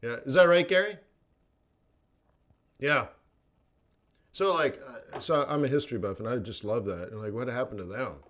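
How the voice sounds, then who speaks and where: Guy rambling on his livestream, chatty, laughs a lot, mid pitch. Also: normal speed, pauses often, fairly bright tone. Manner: rambling, chatty, laughs often, acts out quoted voices. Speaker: forex trading livestream host. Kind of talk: casual livestream chat.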